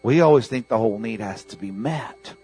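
Husky-voiced man preaching a sermon. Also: medium pitch, expressive, fairly quick, faint music behind. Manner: call-and-response preaching, swinging from loud bursts to hushed asides. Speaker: pastor. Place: church.

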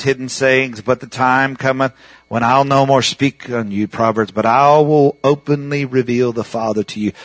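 A man preaching a sermon in a conversational way, often checking in with the congregation and rising higher and louder when he presses a point. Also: dry recording, low-quality recording. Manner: conversational, repeatedly asking the congregation "Amen?". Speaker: pastor.

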